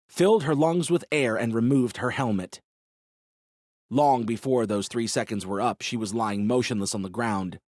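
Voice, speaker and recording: A male audiobook narrator reads in a measured, dramatic way at a mid pitch. He is recorded close on a studio mic. The sound is dry, with no room around it. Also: dry recording. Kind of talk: scripted narration.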